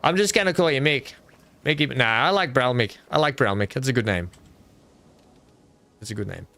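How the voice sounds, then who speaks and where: Medium in pitch and animated, his voice is creaky and sharp, moving at a moderate pace. He's streaming a park-building game, casually chatting with viewers in a rambling, self-mocking way, filling his out-loud thinking with fillers.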